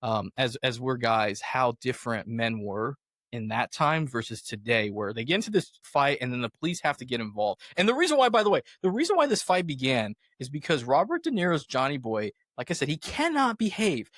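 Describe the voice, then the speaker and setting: A man's voice: mid-range voice, big pitch swings, brisk, a bit bright, no room sound, clean studio sound. A young adult man hosting a podcast, chatting casually and animatedly about a movie, often laughing as he retells scenes. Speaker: podcast host. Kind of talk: casual movie review chat.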